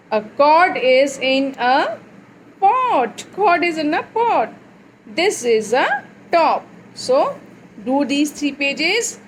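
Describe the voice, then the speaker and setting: A woman teaching a young child phonics, reading words slowly and clearly and repeating them. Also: sits high, a little hiss or hum, poor audio.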